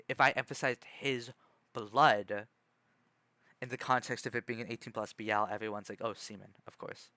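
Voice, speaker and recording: A man's voice: medium pitch, bright, forceful tone, clear, resonant tone, no room sound. A man streaming casually, reading a book aloud and rambling with many self-corrections.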